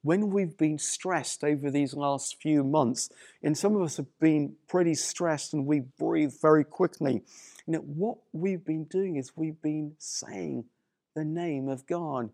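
Slow, gravelly-voiced male preacher. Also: fairly high pitch, dark tone, no echo, clean studio sound. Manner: emphatic, repeats key phrases. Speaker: pastor. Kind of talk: sermon.

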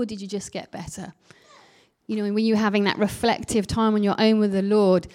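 A woman's voice: mid-range voice, fairly even intonation, normal speed, a little mellow. A woman preaching a conversational sermon, full of reflective rhetorical questions.

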